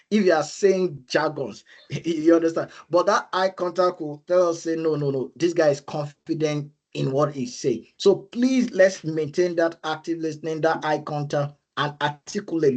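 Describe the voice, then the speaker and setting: Speaking in a voice that's a little high, a man gives career advice over a webinar. He keeps repeating himself in earnest, begging "please" and checking "you understand?" along the way.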